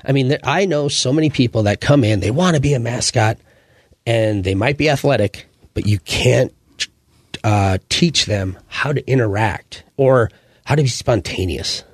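Man in his forties, husky, dry, rambling casual interview anecdotes. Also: mid-range voice, normal speed, dry recording. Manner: rambling, animated anecdotes with fillers and restarts. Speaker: guest, former sports mascot.

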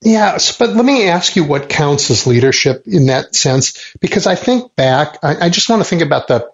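A man's voice: on the high side, sing-song, normal speed, slightly rough. A man hosting a radio talk show, questioning and pushing back on his guest. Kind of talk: radio interview conversation. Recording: dull lo-fi radio sound.

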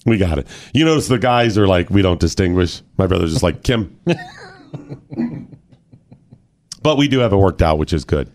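A man hosting a morning radio talk show, chatting casually and telling stories with animated, drawn-out words. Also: sits low. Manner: animated storyteller, stretches words for effect. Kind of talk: casual chat.

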